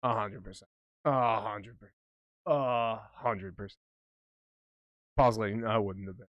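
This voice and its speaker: Guy rambling on a podcast, swears a lot, jokey, kinda high voice for a big dude, dry close sound. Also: measured pace, no room sound, lo-fi sound. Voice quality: high voice for a big man, says smoking affected it. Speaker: podcast co-host. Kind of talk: casual chat.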